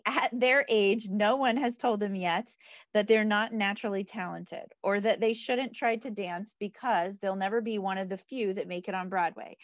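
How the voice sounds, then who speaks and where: A woman's voice: mid-range voice, no echo, studio quality. A woman in a casual group chat who reads a book aloud, laughing often and stumbling over words. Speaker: book club member.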